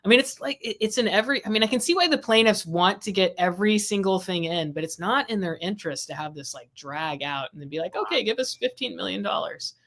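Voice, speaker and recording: A woman's voice: lowish voice, fast talker, hardly any pauses, a bit bright. A woman hosting a casual talk about a court trial, chatty and rambling with frequent restarts, speaking over a video call. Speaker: legal affairs host.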